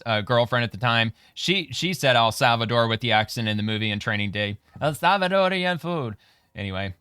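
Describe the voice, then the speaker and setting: A man's voice: medium pitch, pushed and bright, clear, resonant tone, no echo, clean studio sound. A man hosting a casual political commentary show, reading posts aloud and then remarking on them in a conversational way.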